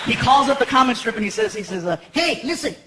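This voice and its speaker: A stand-up comedian from Los Angeles telling stories in an animated way and acting out characters with loud shouts. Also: male voice, sits high, fast talker, very noisy. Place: large comedy venue. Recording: live stage mic with loud roaring crowd. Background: loud audience laughter and applause.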